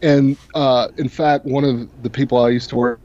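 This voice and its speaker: A man's voice: mid-range voice, steady tone, moderate pace, a little mellow, dull audio. A man with a Southern US accent from North Alabama, co-hosting a podcast and telling anecdotes in casual chat. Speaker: podcast co-host.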